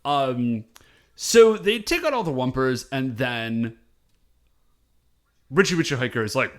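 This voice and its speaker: Animated man recapping an episode. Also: mid-range voice, a little slow. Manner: rambling, animated retelling with quoted asides. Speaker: podcast co-host. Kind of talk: casual episode recap chat.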